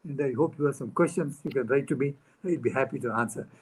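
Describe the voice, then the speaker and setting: A man, a guest speaker on a video call, telling an animated anecdote and acting out the dialogue with chuckles. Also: mid-range voice, quick pace, slightly rough, low-quality recording. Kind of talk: storytelling talk.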